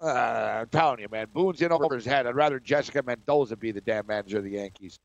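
A man's voice: mid-range voice, quick pace, creaky, no room sound, lo-fi sound. A man co-hosting a sports radio show, ranting bluntly and sounding exasperated. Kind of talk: casual sports talk.

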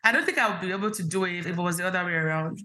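Quick-talking Nigerian woman in her thirties. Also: lowish voice, pushed and bright. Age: 30s. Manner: explanatory, laughs easily, quick talker. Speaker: podcast guest. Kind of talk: casual interview chat.

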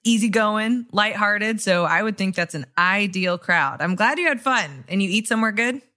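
A woman's voice: mid-range voice, animated, normal speed, pushed and bright. A woman from the American Midwest hosting a podcast in easygoing casual chat, laughing often. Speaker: podcast host.

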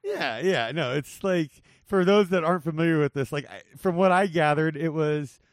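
A man's voice: fairly high pitch, normal speed, dry recording, clean studio sound. A man guesting on a comedy podcast, rambling loosely with lots of "like" and laughter. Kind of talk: casual comedic podcast chat.

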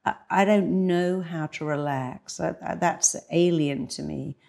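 A woman's voice: deep voice, a little slow, gravelly, a little mellow. A woman therapist speaking as an interview guest, emphatic and acting out the voices she quotes. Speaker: hypnotherapist guest. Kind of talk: conversational interview.

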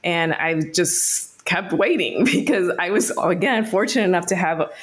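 A woman's voice: lowish voice, moderate pace. Playful woman comedian, chatty interview guest. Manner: laughs often, animated and playful. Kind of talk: casual interview chat.

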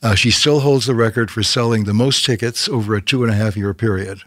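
A man's voice: fairly low pitch, a little fast, no echo, studio quality. Older man spinning showbiz stories. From Canada. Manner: lively raconteur who acts out quotes and keeps tagging okay?. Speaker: guest telling stories. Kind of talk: casual anecdotal storytelling.

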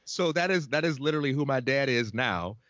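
Dude on a podcast telling stories, dead dry sound, kinda muffled. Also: male voice, mid-range voice, fairly quick, dry recording. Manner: excited storyteller, acts out family dialogue. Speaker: podcast co-host. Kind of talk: casual chat.

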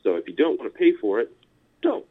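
A man's voice: medium pitch, wildly swooping pitch, fairly quick. A man with a Californian American accent, a punk musician chatting casually as an interview guest, rambling with lots of fillers and chuckles. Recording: tinny phone-line audio.

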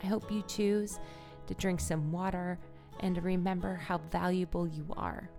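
Woman podcast host, unhurried and warm-hearted pep talk, slightly low, creaky voice. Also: steady tone, faint music behind. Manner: slow, gentle and encouraging. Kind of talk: calm self-care pep talk.

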